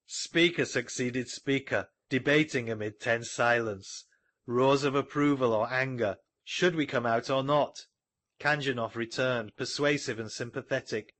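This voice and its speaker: Man, audiobook narrator, middle pitch, dry close sound, measured storytelling. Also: a bit bright, no room sound. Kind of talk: scripted narration.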